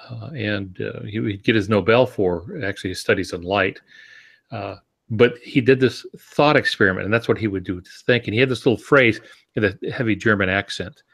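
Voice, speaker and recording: A man with a fairly low voice chats on a podcast about the craft of writing. He explains his ideas in a relaxed, reflective way. He often pauses on ums and restarts his sentences as he thinks aloud. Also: vocal fry, slightly rough. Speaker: podcast co-host.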